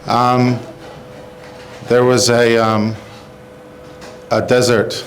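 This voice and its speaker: A man telling jokes on a comedy show in a halting, rambling way, full of fillers. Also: medium pitch, little pitch movement, low-quality recording. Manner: halting, rambling, with bursts of exaggerated crying in his jokes. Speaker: comedy show joke teller. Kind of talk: casual joke telling.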